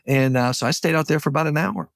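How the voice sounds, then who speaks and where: A man with a fairly high voice tells his personal story in an earnest, candid way. He speaks close to the microphone in a dry room with no echo. The delivery is heartfelt and conversational. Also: quick pace, vocal fry. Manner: heartfelt, candid, faith-driven. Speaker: podcast guest.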